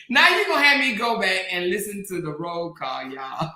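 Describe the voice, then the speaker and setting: A woman's voice: medium pitch, normal speed. A woman hosting a casual livestream chat, reading viewer comments and laughing often. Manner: animated, laughs often, drawling exclamations. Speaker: talk show host. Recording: echoey room.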